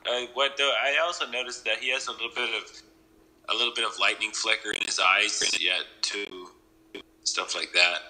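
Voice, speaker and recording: A man's voice: fairly low pitch, fairly even intonation, normal speed, pushed and bright, rough recording. A man with a Canadian accent and a slight Southern drawl, co-hosting a casual chat and joking with his friends. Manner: joking, restarts often. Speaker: podcast co-host.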